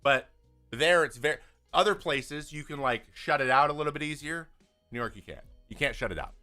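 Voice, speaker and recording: A man hosts a casual live chat, answering viewer questions in a rambling manner and restarting often, getting animated when he vents. His voice is fairly quick and on the high side, with faint music in the background.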